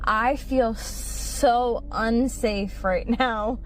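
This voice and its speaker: A woman in a heated argument, firm but shaken, with halting speech. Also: fairly high pitch, slight background noise, poor audio.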